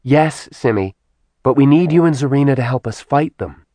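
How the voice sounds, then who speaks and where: A man's voice: medium pitch, animated, normal speed, warm tone, no room sound, voice pushed up, close to an everyday voice. A man voicing a weary young woman who tries to keep her unruly sisters in line. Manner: patient, warning.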